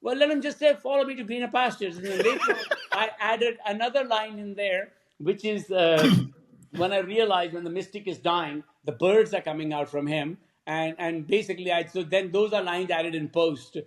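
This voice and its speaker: A man, a film director, telling lively stories in a podcast interview and acting out what other people said. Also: sits high, normal speed. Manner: animated anecdotes, acts out quoted voices.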